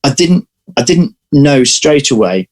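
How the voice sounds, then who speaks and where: A man being interviewed as an actor, telling lively anecdotes in casual chat over a video call. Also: medium pitch, a little slow, low-quality recording. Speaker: actor guest.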